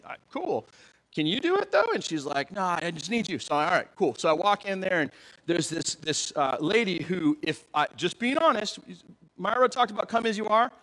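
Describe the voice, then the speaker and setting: A middle-aged man preaching as a pastor, telling stories in a lively, animated way and acting out the dialogue with big jumps in his voice. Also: sits high, rough recording. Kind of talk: storytelling sermon.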